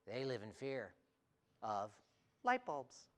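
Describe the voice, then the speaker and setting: A middle-aged cartoonist giving a humorous talk to an audience, playful and quick-witted with wry asides. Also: male voice, medium pitch, huge pitch swings, a little hiss or hum. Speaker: cartoonist and speaker. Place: event hall before an audience.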